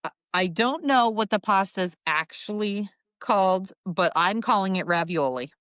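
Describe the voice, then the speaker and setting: A woman's voice: medium pitch, animated, normal speed, a bit bright, smooth, no room sound, studio quality. A woman co-hosting a podcast, chatting casually, laughing easily and giving friendly advice. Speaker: podcast co-host. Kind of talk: casual chat.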